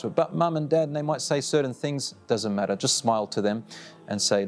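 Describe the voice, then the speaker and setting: A man's voice: mid-range voice, lively intonation, normal speed. A middle-aged man preaching, earnest and direct, repeating short firm phrases as he gives advice to parents. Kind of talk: recorded religious reminder.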